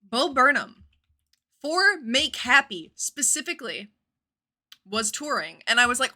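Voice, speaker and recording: A young woman in her twenties chats away while playing a game on stream. She rambles from one thought to the next and swears now and then. Her voice is very bright and bouncy, and her pitch swings widely. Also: lively intonation, moderate pace. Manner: chatty, rambling, swears casually. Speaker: livestreamer.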